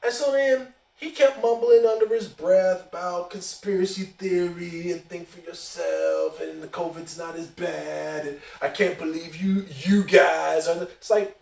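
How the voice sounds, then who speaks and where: High-voiced man telling a rant, roomy. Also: a little slow, gravelly. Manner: animated, profane, conversational. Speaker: podcast host. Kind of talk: casual storytelling. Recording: roomy echo, distant mic.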